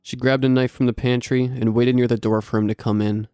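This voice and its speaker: A man reading a horror story aloud in steady, grim, scripted narration. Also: mid-range voice, brisk, clear, resonant tone, no echo, studio quality.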